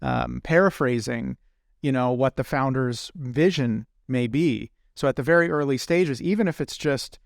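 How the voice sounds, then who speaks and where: A male podcast host chats casually, thinking aloud and pausing on fillers as he works out his point. His voice sits at an average pitch. The recording is dry and close-miked. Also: gravelly, no room sound. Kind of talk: podcast interview.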